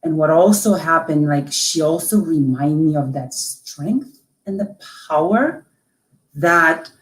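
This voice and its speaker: A woman from Lithuania, a coach, telling a personal story in an interview with an emotional, halting delivery full of restarts. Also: sits low, animated, echoey room. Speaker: guest, coach.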